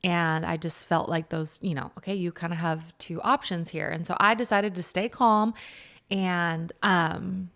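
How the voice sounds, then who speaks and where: A young woman with a somewhat low voice talks in a relaxed podcast chat. She tells her story earnestly and thoughtfully, pausing on filler words as she goes. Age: young adult. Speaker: podcast co-host, wife. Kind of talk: casual chat.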